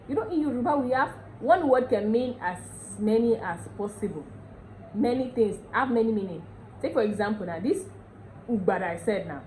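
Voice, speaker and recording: A woman with a Nigerian accent teaching a casual language lesson, repeating words slowly and often checking that viewers follow. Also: on the high side, darkish tone, a little hiss or hum, poor audio.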